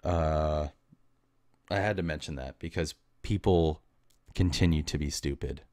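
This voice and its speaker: A man's voice: very deep voice, measured pace, darkish tone, no echo, studio quality. A young man hosting a solo podcast, ranting in a casual, exasperated and mocking way about customers at his coffee shop job. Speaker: podcast host.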